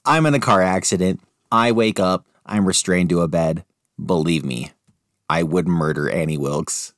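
A young man co-hosting a casual chat, full of jokes and teasing asides. His voice is very deep. The recording is close and dry, with no room echo. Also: normal speed. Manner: joking, teasing, playful asides. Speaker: co-host.

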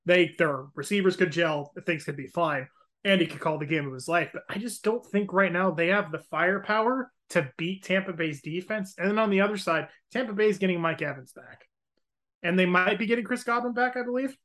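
A man co-hosting a casual sports-betting chat who hedges and stumbles over his openings while he thinks out loud. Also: high-pitched, fairly quick. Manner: hedging, stammers at starts, thinks aloud. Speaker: podcast co-host.

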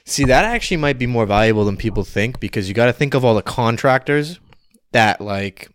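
A young man co-hosting a casual chat, full of wry jokes and asides that trail off low. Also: lively intonation, brisk, smooth, no echo. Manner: wry, joking asides, drops his voice low.

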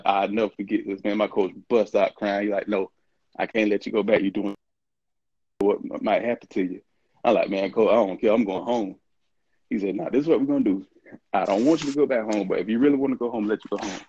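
A man's voice: fairly low pitch, mellow, slightly rough, no room sound, dull audio. A middle-aged man, telling stories as an interview guest, acting out quoted dialogue and laughing often. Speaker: interview guest, former college football player. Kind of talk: casual storytelling.

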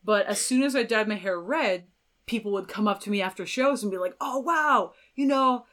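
A woman's voice: medium pitch, brisk. A young woman, a violinist guest on a podcast, telling stories in casual, chatty talk full of filler words. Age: young adult. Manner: chatty, lots of filler words, animated storytelling. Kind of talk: casual interview chat.

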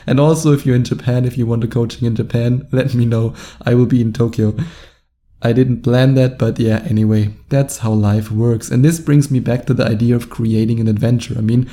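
A man's voice: mid-range voice, level tone, moderate pace, mellow. A man with a German accent, a dating coach talking in a casual, rambling monologue and laughing between phrases.

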